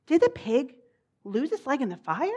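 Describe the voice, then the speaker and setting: A woman's voice: sits high, very animated, normal speed, warm tone, husky, highs cut off, voice pushed up, exaggerated voice. Lady playing a puzzled guy in a farm joke, curious, keeps asking questions.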